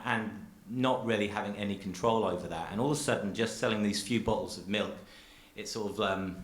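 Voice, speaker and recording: Speaking from a theatre stage, a male dairy farmer and cheesemaker gives an earnest public talk that rambles and keeps restarting. His voice is fairly low and fairly bright, and the sound is roomy.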